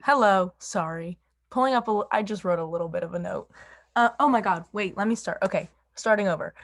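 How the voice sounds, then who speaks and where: A woman's voice: mid-range voice, fairly quick. A young woman giving an emotional farewell speech on a video call, laughing nervously and fighting back tears. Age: young adult. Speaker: student representative.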